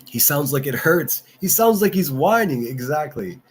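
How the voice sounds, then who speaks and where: A man's voice: on the high side, sing-song, moderate pace, breathy edge. A man hosting a livestream, ranting and mocking in casual commentary and answering his chat. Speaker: livestream host.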